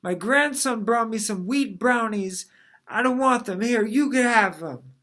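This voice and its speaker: A man voicing his cranky, forgetful old grandmother, shrill and yelling. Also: measured pace, exaggerated voice.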